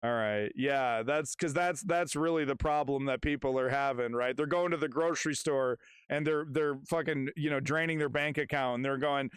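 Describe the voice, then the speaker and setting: A man's voice: mid-range voice, normal speed, few pauses, clear, resonant tone, no echo. A man hosting a livestream, reacting in casual, rambling, profane commentary from his garage. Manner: rambling, swearing, restarts, laughing along. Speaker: livestream host.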